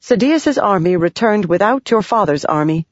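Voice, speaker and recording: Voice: mid-range voice, expressive, normal speed, no room sound, pitched above the performer's own voice, lightly acted. A narrator voicing a stern, proud older noblewoman in an audiobook, clipped and commanding. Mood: tense. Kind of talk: audiobook character voice. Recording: dry, dull lo-fi sound.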